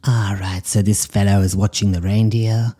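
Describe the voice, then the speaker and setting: An actor playing an eccentric middle-aged woman pet psychic, talking in a breezy, deadpan way and calling everyone darling. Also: on the low side, moderate pace, husky. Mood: airy. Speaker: host. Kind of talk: improvised character comedy monologue.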